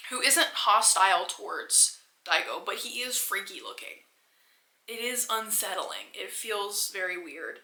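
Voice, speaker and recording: A young woman casually recapping a movie for her review channel, animated and full of fillers and swearing. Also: mid-range voice, roomy sound, poor audio.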